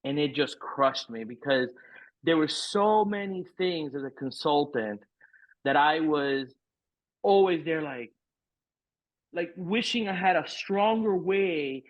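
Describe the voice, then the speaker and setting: A little high and expressive, this middle-aged man speaks slowly while rambling through a candid story as a podcast guest. He's frank and profane, swearing without restraint and stacking fillers. The sound is dry and tinny, as if over a phone.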